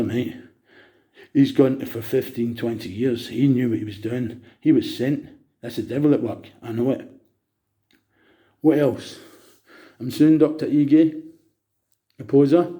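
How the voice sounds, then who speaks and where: A man talking in a rambling monologue to camera, agitated and breaking into sudden loud outbursts. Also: medium pitch.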